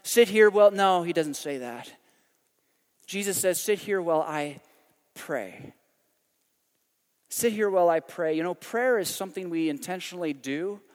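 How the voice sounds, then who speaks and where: A man preaching a sermon, animated and emphatic, swinging between loud climaxes and quiet, hushed drops. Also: on the high side, unhurried, pauses often, long reverb tail. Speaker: pastor.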